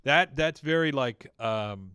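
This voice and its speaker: A man co-hosting a casual podcast, chiming in with short, wry remarks while his co-host tells the story. His pitch swings widely, and the sound is close and dry with no room echo. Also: animated, slow pace, bright, forceful tone, smooth. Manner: short wry interjections, laughs often. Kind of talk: casual chat reacting to a TV recap.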